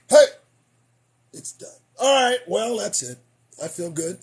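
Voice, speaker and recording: Husky guy losing his voice, ranting on his podcast, high voice that jumps all over. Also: sing-song, a little slow, slight background noise. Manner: preachy and emphatic, swings between loud declarations and muttered asides. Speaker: podcast host. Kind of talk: casual commentary monologue.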